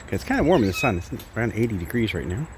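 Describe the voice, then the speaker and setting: A man's voice: fairly low pitch, very animated, racing. A man casually walking through his backyard, chatting in a rambling, self-correcting way while filming on a handheld camera. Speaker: bird sanctuary keeper. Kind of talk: casual walk-and-talk vlog. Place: outdoors in a backyard by an aviary. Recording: noisy outdoor ambience.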